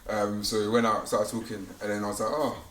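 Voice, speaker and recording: A man's voice: fairly low pitch, monotone, fast, a bit bright. A young man giving a casual, slangy faith talk to students at a conference, telling stories with laughs. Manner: chatty, slangy, storytelling with laughs. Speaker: conference speaker. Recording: roomy hall, distant mic, background hum.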